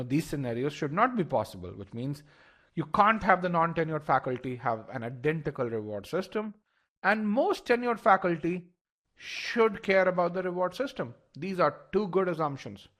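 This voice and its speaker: Higher-pitched man teaching a live online class. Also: fairly bright tone. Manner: explanatory, repeats words and restarts, polls the audience. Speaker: test-prep instructor.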